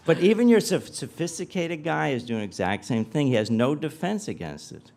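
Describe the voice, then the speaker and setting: A man's voice: fairly high pitch, very animated, fairly quick, darkish tone. A man giving a humorous guest lecture, telling stories animatedly and acting out dialogue with comic asides.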